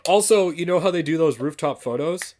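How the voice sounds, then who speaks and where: A man's voice: a little high, expressive, a little fast, darkish tone. A man from Canada, a podcast co-host, telling a school story in casual chat and swearing freely.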